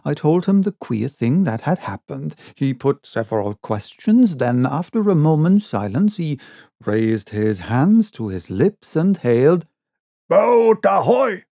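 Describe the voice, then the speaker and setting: A man reading a spooky short story aloud in a slow, dramatic narration. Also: medium pitch, very animated, no echo. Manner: slow, dramatic, varied delivery. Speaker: audiobook reader. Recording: dull lo-fi recording.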